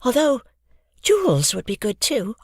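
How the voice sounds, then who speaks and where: A narrator voicing a sleepy, curious young girl in a children's audiobook, sometimes dropping to a breathy whisper. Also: mid-range voice, wildly swooping pitch, measured pace, dry recording, clean studio sound, voice pushed up, heavily acted. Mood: hushed. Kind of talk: audiobook character voice.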